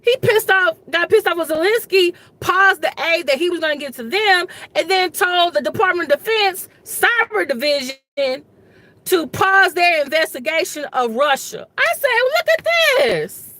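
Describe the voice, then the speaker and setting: A high-pitched woman with a bright, sharp voice talks straight to her viewers in casual political commentary. She is an exasperated, rambling history teacher, colloquial and fond of "y'all". The sound is dry and close. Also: normal speed, dry recording.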